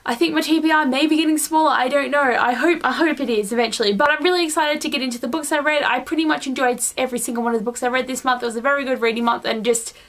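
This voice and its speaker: A young adult woman vlogging a monthly reading wrap-up in a gushing, excitable way, full of "like" fillers. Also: sits high, very fast, hardly any pauses. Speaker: book vlogger.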